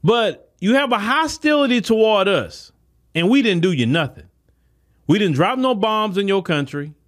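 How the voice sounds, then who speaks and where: A man's voice: high voice, expressive, normal speed. A man hosting a podcast, talking in a casual, emphatic monologue straight to his listeners. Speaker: podcast host.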